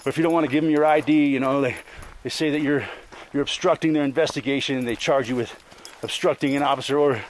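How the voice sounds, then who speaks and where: A man's voice: mid-range voice, steady tone, quick pace, hardly any pauses, a little hiss or hum. A man ranting angrily in a rambling, profane monologue, ending many sentences with "man.". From Colorado. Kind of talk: casual monologue rant.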